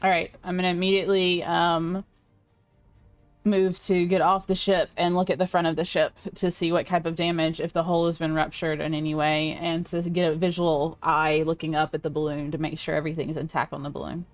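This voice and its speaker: Lower-voiced woman player, faint music behind. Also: level tone, no echo. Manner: quick, eager questions. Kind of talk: tabletop game chat.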